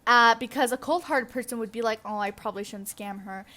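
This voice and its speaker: Bright-voiced young woman telling a gaming story. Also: a little high, brisk. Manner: chatty storytelling, lots of fillers and restarts. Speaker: gaming YouTuber. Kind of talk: casual commentary over gameplay.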